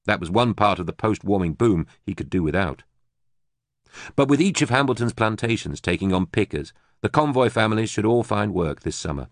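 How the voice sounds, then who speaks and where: The clip features a man narrating an audiobook, his voice on the low side and his storytelling pace measured and even. It's scripted narration captured as a dry recording with clean studio sound.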